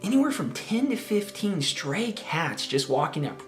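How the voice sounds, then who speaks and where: With faint guitar music in a roomy space, a man from Spokane in his twenties rambles through a childhood story, repeating words and tossing in "right?" as he goes. His voice is on the high side and sing-song, at normal speed.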